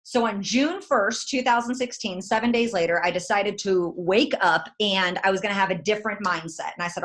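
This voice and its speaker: A woman's voice: medium pitch, fairly quick, hardly any pauses. Folksy woman giving a pep talk. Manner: folksy, direct, animated, says "y'all" a lot. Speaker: guest network marketing leader. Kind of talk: motivational talk.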